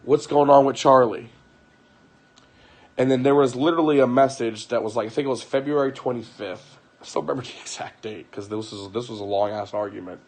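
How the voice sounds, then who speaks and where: A man's voice: mid-range voice, fast, few pauses. Man retelling an argument on a late-night stream. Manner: animated retelling, repeats himself, swears. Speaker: livestreamer. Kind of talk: late-night personal livestream rant.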